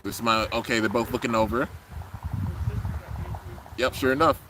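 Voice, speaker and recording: A man giving casual, excited live commentary on a cartoon episode, describing what happens on screen and calling people "dude". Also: medium pitch, normal speed, background noise. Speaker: anime reaction YouTuber.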